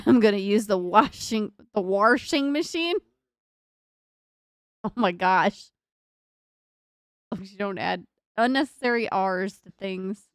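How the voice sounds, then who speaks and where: A woman's voice: medium pitch, unhurried, pauses often, clean tone, no room sound, clean studio sound. A young woman chatting casually on a live stream from her computer desk, giggling often, with a northern US accent tinged by a Southern drawl. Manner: giggly, laughs often, rambling self-talk. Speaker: livestreamer. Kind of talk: casual live-stream chat while building.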